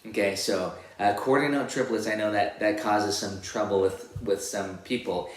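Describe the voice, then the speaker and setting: A man giving a casual guitar lesson, counting beats and singing rhythms as syllables in a relaxed, rambling way. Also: on the low side, normal speed. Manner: sings rhythms as syllables while demonstrating on guitar; relaxed, rambling explanations with restarts. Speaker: guitar teacher. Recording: roomy room with loud guitar playing.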